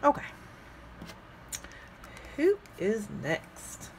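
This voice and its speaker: A woman vlogging casually as she swatches inks, chatting and thinking out loud with frequent fillers as she works. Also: fairly high pitch, wildly swooping pitch, drawn-out words, noisy background. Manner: talks to herself while working with her hands. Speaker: fountain pen ink vlogger.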